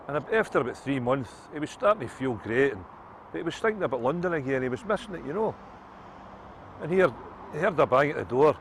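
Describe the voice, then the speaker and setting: A Scottish man telling a joke and reciting his poetry outdoors at a market, with a lilting, rhythmic delivery. His voice sits at a middling pitch. Faint street noise hums behind him. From Scotland. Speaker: poet and storyteller.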